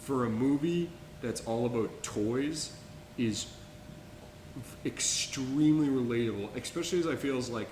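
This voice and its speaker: A man's voice: medium pitch, normal speed, darkish tone, a little hiss or hum. Enthusiastic young man in an echoey room. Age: young adult. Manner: enthusiastic, rambling with restarts. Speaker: podcast co-host. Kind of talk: casual film-review chat.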